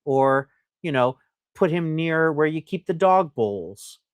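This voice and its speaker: A man's voice: fairly high pitch, lively intonation, takes it slowly, clean tone, dry recording. A man hosting a live stream that sells antiques, talking chattily and enthusiastically, reading out viewer comments in a loose, rambling way. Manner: loose and rambling, with frequent fillers. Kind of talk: live sales presentation.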